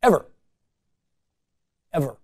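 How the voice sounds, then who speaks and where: Animated man coaching a sales team. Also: takes it slowly. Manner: animated, coaching, acts out phone calls. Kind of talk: casual sales meeting talk.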